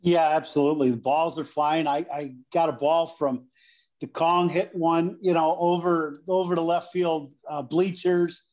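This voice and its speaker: A former pro baseball player, now middle-aged, speaks as a guest in a slightly high voice at a measured pace. His stories are casual and animated, complete with acted-out voices.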